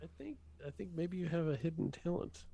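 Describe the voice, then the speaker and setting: A man's voice: fairly high pitch, big pitch swings, brisk, vocal fry, warm tone. A man co-hosting a podcast, chatting in a laid-back way and chuckling often. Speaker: podcast co-host. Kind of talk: casual podcast chat.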